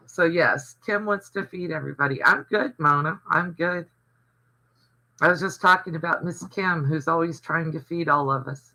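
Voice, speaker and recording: Bright, chatty older man. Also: fairly high pitch, rough recording. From Southern United States. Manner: chatty, rambling storyteller who reads out viewer comments. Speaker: livestream host. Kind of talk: casual livestream chat with viewers.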